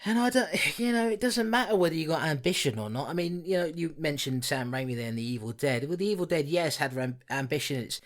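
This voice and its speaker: A man with a somewhat high voice talks quickly, with few pauses, as co-host of a horror film podcast. The chat is a casual film review, and he's teasing and sarcastic throughout.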